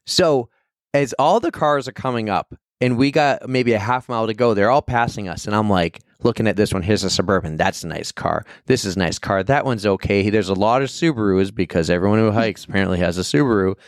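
A man's voice: on the low side, brisk, dry recording. Man telling a rambling story on a dry close mic. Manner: animated, rambling, acts out quoted people. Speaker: guest. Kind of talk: casual storytelling chat.

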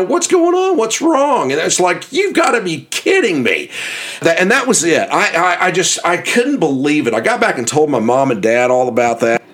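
A middle-aged man from the United States, hosting a podcast and telling rambling, animated anecdotes with restarts and chuckles. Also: medium pitch. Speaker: podcast host. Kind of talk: casual storytelling.

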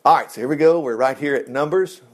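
A man teaching a folksy Bible study, animated and acting out the voices of people in the story. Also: on the high side, fast talker.

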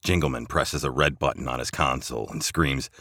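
A man narrates with an extremely low, gravelly voice and a mock-serious, deadpan delivery. His tone is bright and forward, with lively swings of pitch, in a dry, close sound. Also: fairly quick, no room sound. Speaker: storyteller. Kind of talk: dramatic story narration.

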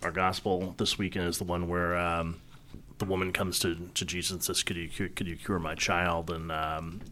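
A man's voice: sits low, little pitch movement, normal speed, pushed and bright, a little hiss or hum. A middle-aged man from New York City co-hosting a casual faith talk show, chatty, telling anecdotes and reading scripture. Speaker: co-host.

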